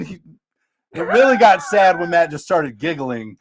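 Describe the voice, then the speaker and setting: A man's voice: high voice, fairly quick. Man from Iowa telling a story. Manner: animated storyteller acting out quotes. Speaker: podcast co-host. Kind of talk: casual storytelling chat.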